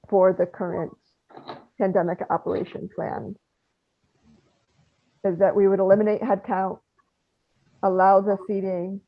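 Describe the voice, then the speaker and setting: Woman reporting at a board meeting, gravelly voice, lots of ums, sounds like a phone line. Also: medium pitch. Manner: halting, with many ums. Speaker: library staff member presenting a plan. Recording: tinny phone-like audio.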